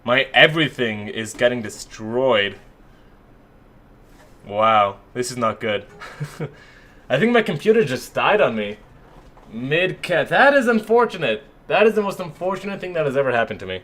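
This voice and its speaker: A man casts a live esports match and chats with his stream viewers. He talks in a loose, joking way and pokes fun at himself. His voice sits at an ordinary middle pitch for a man. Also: big pitch swings, normal speed, long pauses, fairly bright tone. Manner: joking, self-mocking, chatty.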